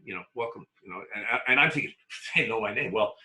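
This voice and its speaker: Brief: man, former umpire guest, very bright tone, slightly low pitch, animated storyteller who stumbles and restarts. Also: fast, poor audio. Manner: animated anecdotes with many restarts and acted-out quotes. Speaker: retired baseball umpire guest. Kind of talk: storytelling in a conversational interview.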